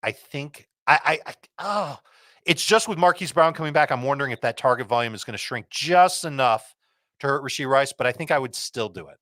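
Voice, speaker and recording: A man's voice: mid-range voice, sharp tone, no echo. Man rattling off confident football picks. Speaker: fantasy football analyst. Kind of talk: quick start-sit advice.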